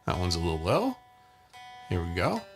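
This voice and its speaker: A man's voice: low-pitched, huge pitch swings, moderate pace. A man hosting a live guitar lesson in a casual, chatty way, greeting viewers by name and using lots of fillers. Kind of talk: casual live-stream teaching.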